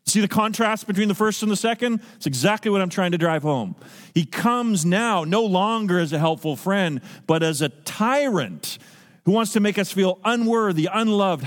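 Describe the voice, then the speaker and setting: A man's voice: sits high, lively intonation, normal speed, long reverb tail. A man preaching a sermon as pastor, earnest and emphatic, asking the listeners pointed questions. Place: church sanctuary.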